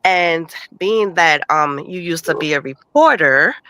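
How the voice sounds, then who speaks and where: A woman's voice: sits low, unhurried, bright, forceful tone, dry recording, low-quality recording. A woman from Puerto Rico calling into a casual chat, stuffy from a cold and insistent, often repeating herself as she argues. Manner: insistent, talks over others, repeats words. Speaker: caller joining a live chat.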